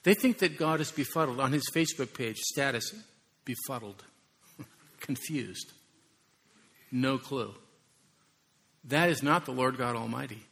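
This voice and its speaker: Male pastor, sermon, husky gravelly voice, animated delivery with loud rises. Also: medium pitch, measured pace, pauses often.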